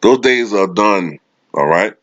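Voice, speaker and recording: A man's voice: lowish voice, animated, takes it slowly, fairly bright tone, no room sound. A man delivering a sarcastic, profane sports commentary rant. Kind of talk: casual ranting commentary. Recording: dull lo-fi dry recording.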